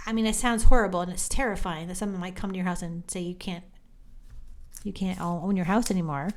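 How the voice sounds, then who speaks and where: A woman hosting a podcast, talking in a chatty, animated monologue, often restarting her sentences. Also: fairly low pitch, quick pace. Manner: chatty, animated, self-interrupting. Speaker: psychic podcast host. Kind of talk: casual monologue.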